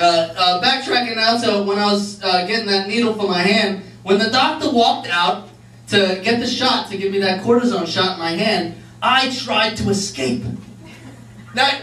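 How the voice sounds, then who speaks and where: A man with a very high voice tells a sermon story, animated and often breaking into laughter. He sounds echoey, as if picked up from across a room. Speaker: speaker giving a church message. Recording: echoey room, mic far off.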